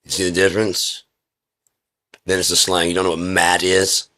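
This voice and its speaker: A man's voice: deep voice, completely flat delivery, normal speed, bright, forceful tone. A man talking casually and profanely on his own indoors, rambling through a rant in a lecturing way. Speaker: vlogger. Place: indoor room with a heater.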